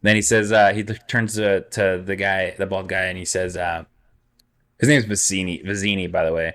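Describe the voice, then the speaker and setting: A man narrating as game master in a relaxed, easygoing way, slipping in and out of character voices. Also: low-pitched, normal speed.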